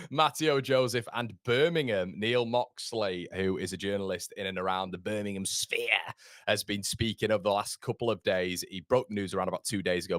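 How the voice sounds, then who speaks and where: A man's voice: deep voice, dry recording, clean studio sound. A young man hosting a live football transfer chat, chatty and cheeky as he reads out viewer comments. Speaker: host.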